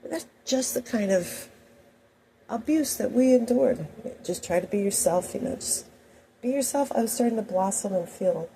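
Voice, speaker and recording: A woman's voice: medium pitch, expressive, moderate pace, mellow, a little hiss or hum, rough recording. A woman telling personal stories in a rambling, anecdotal monologue full of asides. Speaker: host.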